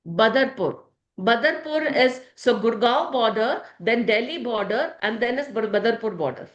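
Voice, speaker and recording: A woman's voice: on the high side, lively intonation, normal speed, reverberant, dull audio. A woman leading a motivational group session, emotional and speaking to members by name. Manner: emotional, addresses listeners by name. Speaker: positivity group leader.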